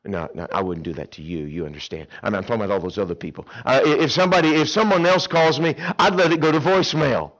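A middle-aged man preaching a sermon as a pastor, emphatic and swinging between loud declarations and hushed, tender lines. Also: mid-range voice, fast talker, few pauses.

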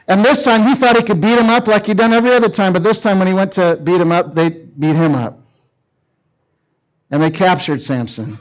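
A man preaching to teenagers, telling a Bible story in a jokey, animated way and acting out the characters in quick voices. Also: high-pitched, poor audio. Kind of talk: youth sermon storytelling.

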